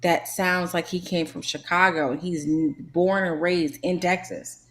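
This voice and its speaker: Female podcast co-host, lowish voice, emphatic conversational delivery. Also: steady tone, unhurried. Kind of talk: casual chat.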